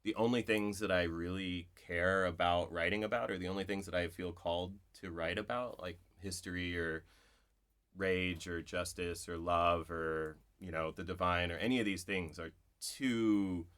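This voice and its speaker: A man's voice: low-pitched, fairly even intonation, normal speed, a bit bright, smooth. A man, a poet, speaking thoughtfully at a live bookshop event, wandering through his ideas with lots of "like" and "right?". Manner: thoughtful, digressive, full of "like" and "right?". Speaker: poet, interview guest.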